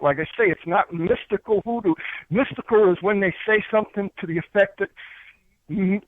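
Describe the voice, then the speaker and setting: A man's voice: sits high, no echo. A man from upstate New York, a spiritual teacher and guest, explaining crystals and spirits in an earnest, rambling way full of fillers and restarts. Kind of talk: casual spiritual teaching talk. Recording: dry, tinny phone-line sound.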